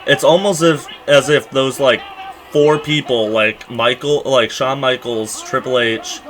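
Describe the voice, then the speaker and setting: A man's voice: medium pitch, fairly even intonation, unhurried, fairly bright tone. A man co-hosting a podcast, chatting casually and teasing his co-host while giving play-by-play asides as they watch. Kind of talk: casual watch-along chat. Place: at home.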